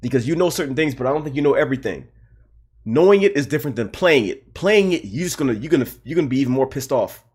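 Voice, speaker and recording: A man's voice: mid-range voice, lively intonation, quick pace, darkish tone, breathy edge. Streamer host, male, casual and fired up, repeats lines for emphasis, swears a lot. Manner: repetitive, heated, swearing, laughing. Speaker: livestream host. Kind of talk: casual livestream rant.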